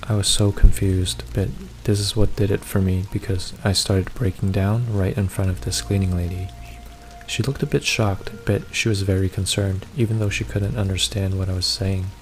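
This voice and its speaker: A man narrating a first-person horror story in a steady, measured reading. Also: sits low, soft background music.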